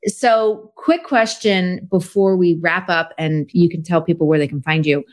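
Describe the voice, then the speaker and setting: A woman's voice: on the low side, measured pace. A woman hosting an interview podcast, talking casually and praising her guest with enthusiasm. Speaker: podcast host.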